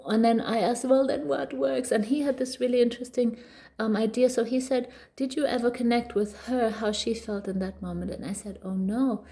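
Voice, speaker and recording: A woman's voice: a little high, steady tone, fairly quick, mellow. A woman in her thirties telling a casual parenting story, chatty with frequent fillers and restarts. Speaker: parenting vlogger.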